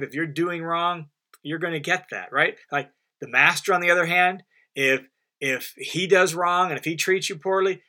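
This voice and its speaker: A male Bible teacher with a bright, fairly high voice explains scripture in a relaxed, conversational way. He presses his points through repetition and emphatic restatement, often restarting his phrases. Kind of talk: unscripted Bible commentary.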